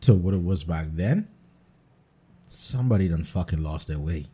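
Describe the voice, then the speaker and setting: Bahamian male guest, husky and low-voiced, blunt profane storyteller. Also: expressive, moderate pace, mellow. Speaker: podcast guest. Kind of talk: casual podcast banter.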